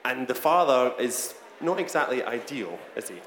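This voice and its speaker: A man's voice: mid-range voice, lively intonation, normal speed, fairly bright tone, a little hiss or hum. A Scottish man from Britain interviewing an author onstage, playful and prone to restarts. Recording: roomy echo, long hall reverb.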